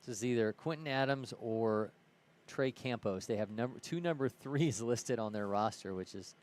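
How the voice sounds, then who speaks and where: A man's voice: mid-range voice, normal speed, darkish tone. A man from Ohio calling a live baseball game play-by-play in an easygoing way, correcting himself as he goes. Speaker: play-by-play commentator.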